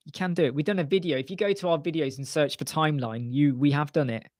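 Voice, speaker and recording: A man hosting a casual live web chat about web design, talking in an animated way and repeating his points for emphasis. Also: on the high side, fast talker, no room sound, clean studio sound. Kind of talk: casual live-stream chat answering viewers. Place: small home studio room with soundproof panels.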